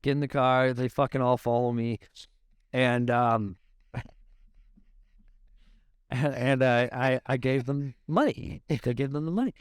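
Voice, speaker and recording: A man from Canada telling stories as a guest in a podcast interview, animated and swearing often, with laughs. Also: medium pitch, measured pace, long pauses, clean tone, dry recording, studio quality. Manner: animated, profane, laughing storyteller. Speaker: realtor guest. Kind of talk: casual podcast storytelling. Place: podcast studio.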